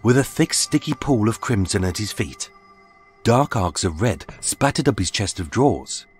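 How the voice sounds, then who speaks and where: A man narrating a true-crime story in a measured, dramatic scripted style. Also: lowish voice, sing-song. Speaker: podcast narrator. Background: faint music.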